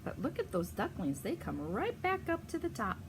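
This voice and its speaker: A woman reading a picture book aloud to children, gently asking the listener questions as she goes. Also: on the high side, wildly swooping pitch, normal speed, noisy background. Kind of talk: storybook read-aloud.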